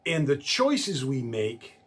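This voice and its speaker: A man telling a story from his work in insurance in a casual way, acting out the people in it with lively voices. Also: medium pitch, takes it slowly, husky. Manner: animated storyteller who acts out quoted voices.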